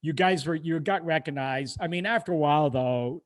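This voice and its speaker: A man co-hosting a podcast, quickly asking his guest questions in a casual chat. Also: on the high side. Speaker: podcast co-host. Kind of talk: casual interview.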